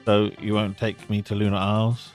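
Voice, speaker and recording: A man's voice: on the low side, little pitch movement, normal speed, soft background music. A man streaming a video game, chatting in a casual, joking way and reading his character's lines. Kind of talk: let's play with read-aloud dialogue.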